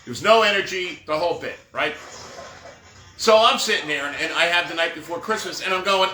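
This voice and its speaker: A man's voice: high-pitched, fairly quick, bright, forceful tone. A middle-aged man telling rambling stories from his years as a Santa performer, full of asides and filler like "right?" and "whatever". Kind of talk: casual storytelling monologue. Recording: roomy echo with faint music behind.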